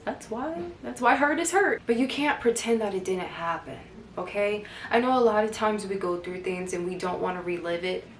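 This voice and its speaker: A woman's voice: medium pitch, a little hiss or hum. Earnest woman giving life advice, echoey room. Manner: earnest and direct, with animated asides and laughs. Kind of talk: casual faith-based self-help talk.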